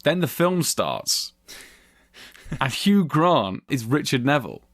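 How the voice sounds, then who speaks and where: A man co-hosts a film review podcast in a chatty, animated way, dropping the odd swear word. His voice sits at an ordinary pitch and sounds dry and close to the mic. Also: takes it slowly, no room sound. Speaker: podcast co-host. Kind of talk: casual film review chat.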